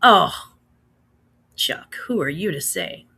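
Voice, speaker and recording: This is a livestream host in her thirties, Midwestern American, chatting from home and reading the chat in a relaxed way. Her voice is bright and forward yet lowish and husky with vocal fry, and she takes it slowly, using slang such as "girl" and "slaps" and laughing freely between remarks.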